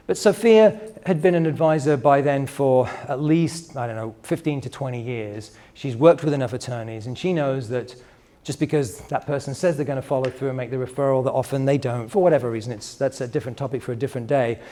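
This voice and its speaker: A middle-aged man coaches business owners at a live workshop, in a voice of ordinary middle pitch. His delivery is conversational and wanders off on digressions. He talks straight to the people in the room. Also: a little fast, dark tone.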